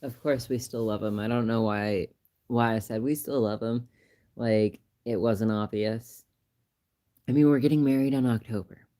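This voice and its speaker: A man hosting a casual livestream who chats loosely, laughs often and grows animated when he retells a story. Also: mid-range voice, normal speed. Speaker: livestream host.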